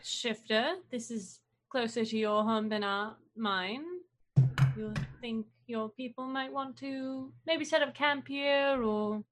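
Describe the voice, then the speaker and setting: Woman at a game table, highish voice, chatty, bit of faint noise. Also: steady tone, slow pace, a bit bright. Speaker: player. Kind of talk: casual tabletop game chat.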